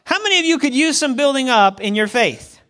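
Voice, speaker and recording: A man preaching a sermon as a pastor, lively and playful, often asking the congregation questions. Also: extremely high pitch, fairly quick.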